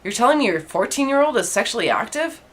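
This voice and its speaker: A woman host telling rapid-fire dark one-liner jokes in a deadpan delivery. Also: fairly high pitch, husky.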